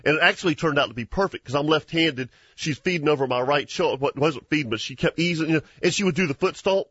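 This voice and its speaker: A husky, slightly high-pitched man spins a lively hunting tale for his show. He laughs often and restarts his sentences. The sound is dry and a bit dull, like a lo-fi studio recording. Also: fast, no echo. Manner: animated storyteller, laughs often, many restarts. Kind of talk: casual storytelling chat.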